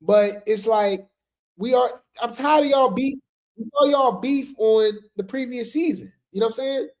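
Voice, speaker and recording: Brief: laid-back gossip commentator, slangy, filler-heavy, mid-pitched voice. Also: normal speed. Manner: slangy, chatty, full of fillers and asides.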